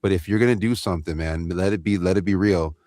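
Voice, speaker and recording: A man's voice: sits low, fast talker, a little mellow, no echo, studio quality. A man voice actor on a panel, talking in a laid-back, slangy, rambling way. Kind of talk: casual panel chat.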